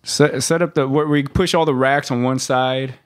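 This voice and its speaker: A man tells a story on a casual podcast, laughing through it and swearing loosely. His voice is at an ordinary middle pitch. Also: steady tone, normal speed, smooth. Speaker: podcast co-host.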